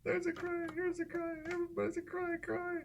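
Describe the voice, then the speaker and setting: Parody: a man playing a grown woman wailing in a high falsetto, sing-song sobs. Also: completely flat delivery, brisk. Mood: mocking wail.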